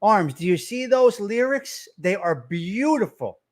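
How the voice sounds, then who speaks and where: A man hosting a casual livestream, talking loud, profane and fired-up. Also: high-pitched, expressive, measured pace. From Italian-American. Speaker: livestream host.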